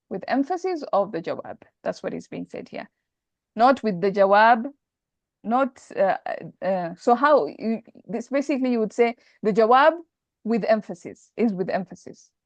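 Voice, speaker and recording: A woman's voice: fairly high pitch, lively intonation, unhurried, dry recording. A woman teaching an online grammar lesson, explaining step by step and patiently repeating the key points.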